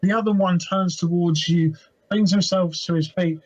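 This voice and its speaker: A man's voice: high voice, steady tone, moderate pace, darkish tone, muffled recording, faint music behind. A man narrating as game master of a tabletop game, describing scenes steadily with some fillers.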